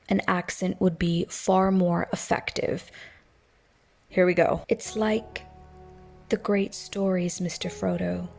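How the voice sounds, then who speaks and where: A woman's voice: fairly low pitch, gravelly, darkish tone. A woman hosting a morning radio-style show, talking casually to her audience in a chatty, self-deprecating way. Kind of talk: casual solo show monologue.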